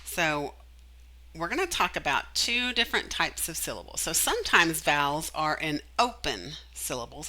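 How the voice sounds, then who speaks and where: A woman teacher explaining a reading method, animated, singing the letters and acting out the sounds. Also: low voice, poor audio. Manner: animated, demonstrates sounds and sings.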